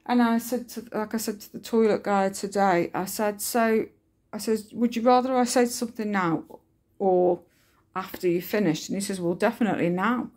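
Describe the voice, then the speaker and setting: A woman's voice: medium pitch, moderate pace, darkish tone. Frustrated woman ranting in a vlog. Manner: frustrated, ranting, swears freely, rambling with fillers. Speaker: vlogger. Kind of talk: casual vlog monologue.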